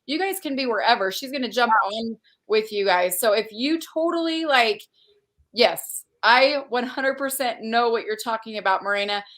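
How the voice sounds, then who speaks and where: A woman's voice: fairly high pitch, lively intonation, normal speed, fairly bright tone. A woman hosting a livestream conference, chatting casually and effusively while reading out viewer comments. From Utah. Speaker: conference host.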